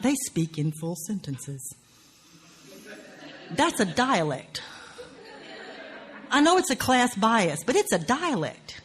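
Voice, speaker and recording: A woman with a Southern US accent giving a writing workshop lecture in a salty, profane, animated way, laughing often. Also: mid-range voice, slight background noise.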